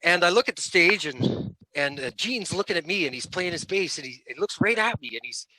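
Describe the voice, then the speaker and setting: A man, a rock band's lead singer, casually telling lively anecdotes as a guest and laughing along. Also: high-pitched, fairly quick, rough recording. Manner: animated storyteller who laughs between lines.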